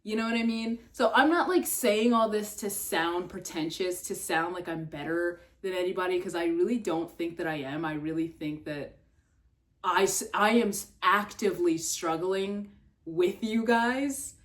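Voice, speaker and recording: A young adult woman vlogging in a casual, rambling way, full of fillers and swearing, jumping up in pitch when exasperated. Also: moderate pace. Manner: filler-heavy, swears, trails off and restarts.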